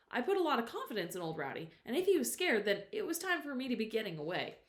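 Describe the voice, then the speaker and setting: A woman reading a novel aloud with expression, who stops now and then to explain words to her listeners. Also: mid-range voice. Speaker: storyteller. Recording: roomy echo.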